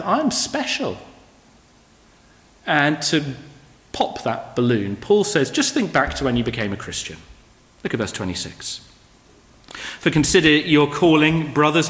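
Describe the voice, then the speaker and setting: A man's voice: on the high side, fairly bright tone. A man preaching a sermon to his congregation in a conversational way, asking rhetorical questions. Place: church hall. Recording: echoey hall with long reverb.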